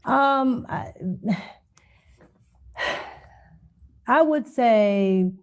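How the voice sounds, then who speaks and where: A woman being interviewed, giving hesitant, halting answers. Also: a little high, animated, smooth. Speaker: interview guest.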